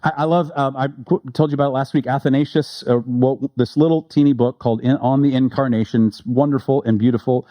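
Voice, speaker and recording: A male pastor giving a relaxed, conversational sermon, joking with listeners and slowing down to read quotes with weight. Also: mid-range voice, no echo. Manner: conversational and joking, reads quotes slowly with emphasis.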